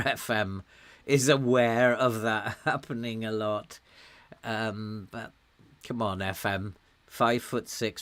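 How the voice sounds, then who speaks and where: A middle-aged man from Wales with a softened Welsh accent, chatting casually and laughing often as he streams a game to his viewers. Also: fairly low pitch. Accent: softened Welsh, with some American words. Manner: slow, chatty, laughs often while talking. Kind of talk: casual live-stream commentary.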